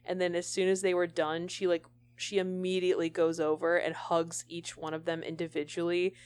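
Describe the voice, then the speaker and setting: 低めで滑らかな声の若い女性. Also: female voice, fairly low pitch, level tone, moderate pace, darkish tone, smooth. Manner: enthusiastic, chatty storyteller. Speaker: podcast co-host. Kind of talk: casual chat.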